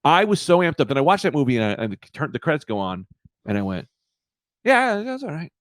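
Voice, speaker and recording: A man with a mid-pitched voice that swings widely as he tells stories on a podcast, acting out the people in them. The sound is dry and close. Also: fast talker, no echo. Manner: lively storyteller who acts out the people in his anecdotes. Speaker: podcast co-host. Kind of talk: casual chat.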